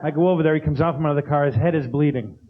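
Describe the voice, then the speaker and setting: A man doing a stand-up comedy routine on a theater stage, animated and full of mimicked sounds. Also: fairly high pitch, very fast. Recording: dull lo-fi tape with noise.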